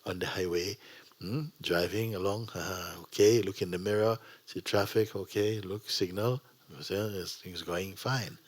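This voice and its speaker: A man teaching a spiritual gathering in a gentle, unhurried way, often dropping to a whisper. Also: deep voice, steady tone. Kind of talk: sermon to a gathering. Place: satsang gathering.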